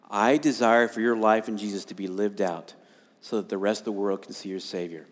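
A man's voice: on the low side, normal speed, pauses often, a bit bright. A middle-aged male pastor preaching a sermon earnestly, repeating key lines and acting out the voices of his congregation. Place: church sanctuary. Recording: long hall reverb.

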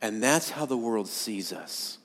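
A man's voice: lowish voice, animated, a little slow, fairly bright tone. Man preaching in a reverberant church. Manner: earnest, repetitive, acts out congregants' voices. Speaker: pastor. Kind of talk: sermon. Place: church sanctuary. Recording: long hall reverb.

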